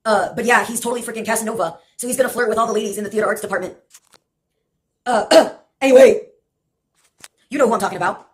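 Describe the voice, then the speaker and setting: A woman with a high voice talks in a loose, rambling monologue. She is sarcastic and profane, laughs often, and jumps from one topic to the next. She comes from Texas. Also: quick pace, long pauses. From Brownsville, Texas.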